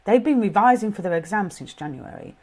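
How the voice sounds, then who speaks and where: A woman's voice: mid-range voice, expressive, a little fast, a little mellow. A middle-aged woman with a British accent giving an informal, earnest talk on parenting, thinking aloud as she goes. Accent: British English. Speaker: parenting coach.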